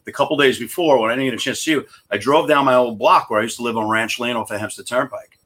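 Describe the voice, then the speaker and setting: A man who grew up on Long Island joins a podcast as a guest from his office. His voice sits at an ordinary middle pitch, and he talks fast. He rambles and pokes fun at himself. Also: fairly bright tone. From Long Island, New York. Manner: chatty, rambling, self-deprecating. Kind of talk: casual conversation.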